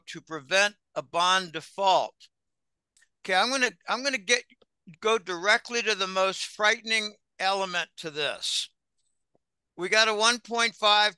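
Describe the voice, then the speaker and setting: A male guest giving deliberate, ominous financial warnings in an interview, with some restarts. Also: sits high, sharp tone, clear, resonant tone, dry recording. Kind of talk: interview answers.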